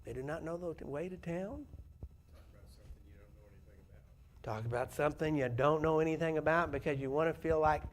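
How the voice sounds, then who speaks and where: A man's voice: fairly high pitch, quick pace, pauses often. A man preaching a sermon to a church congregation, conversational and often asking the listeners questions. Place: church sanctuary.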